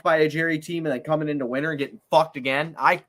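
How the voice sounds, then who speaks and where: A man's voice: on the high side, fast talker, hardly any pauses, a bit bright. Profanity-heavy ranting male podcast host. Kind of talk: casual sports podcast chat.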